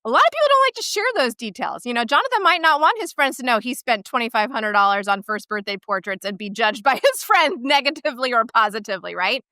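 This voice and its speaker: A woman co-hosting a podcast, talking in an animated, emphatic way and often checking in with "right?". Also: a little high, fast talker, hardly any pauses, no room sound, studio quality. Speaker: podcast co-host and portrait studio owner. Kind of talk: casual podcast discussion.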